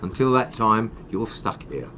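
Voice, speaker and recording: An older man hosts a casual live stream, telling long rambling stories and teasing himself. His voice sits on the low side. He speaks with easy, self-mocking humour. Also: very animated, a little slow, over a noisy crowd. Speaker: charity host.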